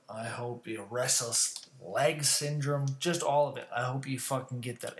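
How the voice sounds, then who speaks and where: A man's voice: mid-range voice, moderate pace, a bit bright. A man hosting a show, delivering a heated, profane comedic rant full of insults.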